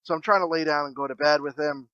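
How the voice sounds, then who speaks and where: A man co-hosting a podcast, telling a story about himself in an animated, self-mocking way and laughing along. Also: on the high side, fast, dry recording, dull audio. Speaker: podcast co-host. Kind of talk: casual comedic chat.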